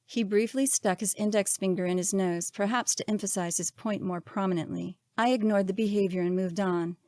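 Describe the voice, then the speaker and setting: A woman's voice: mid-range voice, fairly even intonation, a little fast, a little mellow, no echo. Woman narrating her memoir, dry close sound. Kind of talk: audiobook narration.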